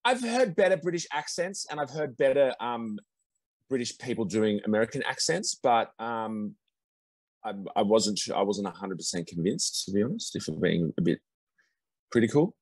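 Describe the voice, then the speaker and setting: A man's voice: lowish voice, normal speed, a little mellow, breathy edge, no room sound, rough recording. A man who talks as a guest commentator on a casual podcast, rambling with many restarts and repeated agreement. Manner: rambling, lots of restarts and "yeah yeah". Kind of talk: casual chat.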